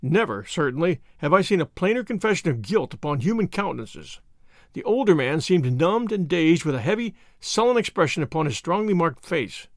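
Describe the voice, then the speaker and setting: A man narrating a detective story in an animated, dramatic reading. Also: on the high side, brisk, no echo, studio quality. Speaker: audiobook narrator.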